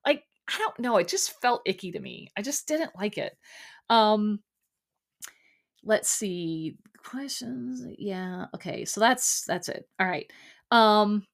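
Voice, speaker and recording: A woman's voice: medium pitch, expressive, slow, creaky. Chatty exasperated woman podcaster. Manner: chatty, exasperated, full of ums and likes. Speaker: podcast host. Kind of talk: casual solo recap podcast.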